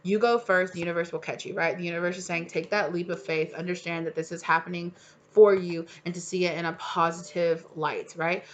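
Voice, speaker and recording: A woman's voice: lowish voice, fairly even intonation, fairly quick. A woman giving a casual, encouraging tarot reading to her viewers, talking loosely with lots of "you know" and "like". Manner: chatty and encouraging, many fillers like "you know". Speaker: tarot reader.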